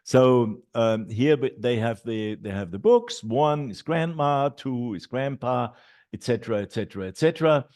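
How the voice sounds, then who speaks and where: A man's voice: mid-range voice, moderate pace, a little mellow. A middle-aged man giving a teacher training talk, walking through classroom steps with many fillers and repeated et ceteras.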